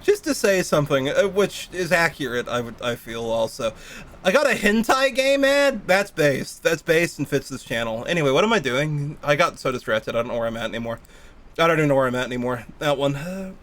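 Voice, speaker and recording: Guy streaming and rambling, high voice that bounces all over, laughs a lot and cusses. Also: animated, brisk, fairly bright tone. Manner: rambling, laughs often, swears freely. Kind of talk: casual live-stream chat while gaming.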